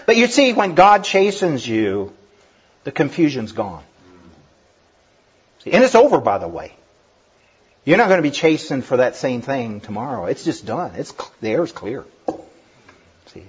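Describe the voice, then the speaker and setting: A middle-aged man preaching a sermon, lively and given to laughing asides and acting out voices. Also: mid-range voice, unhurried, pauses often, slightly rough. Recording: dull lo-fi recording.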